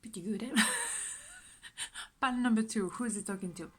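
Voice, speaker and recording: A woman's voice: fairly high pitch, huge pitch swings, unhurried, a little hiss or hum, rough recording. A woman giving a general pick-a-card tarot reading in a chatty, repetitive way. She often drops her voice to a whisper. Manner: soft-spoken, often dropping to a whisper; chatty, repetitive, self-reassuring. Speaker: tarot reader.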